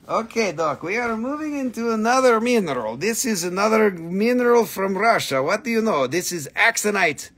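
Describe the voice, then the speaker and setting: A man's voice: high voice, sing-song, moderate pace, few pauses, fairly bright tone, breathy edge. A man hosting a live stream to sell minerals, joking around and swearing a lot as he chats. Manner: joking, goofy, swears often. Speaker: host selling minerals on a livestream. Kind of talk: live sales stream, playful chat.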